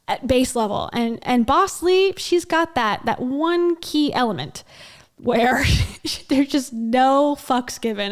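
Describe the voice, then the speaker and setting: A woman hosting a casual reaction commentary, sarcastic, laughing and swearing as she talks. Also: fairly high pitch. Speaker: commentary host.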